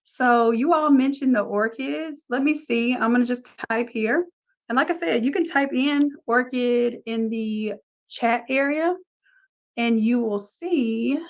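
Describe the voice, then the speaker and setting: A woman's voice: fairly high pitch, a little slow, dull audio. Chatty woman teaching a live design class. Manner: casual, chatty, talks through each step. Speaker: design instructor. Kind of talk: live screen-share tutorial.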